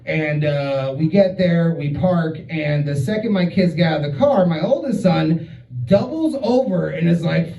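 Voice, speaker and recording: A man's voice: on the high side, lively intonation, normal speed, vocal fry, warm tone. A man in his thirties telling a story as a stand-up comedian, profane and chatty with many filler words. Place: comedy club stage. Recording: roomy, distant, muffled club recording.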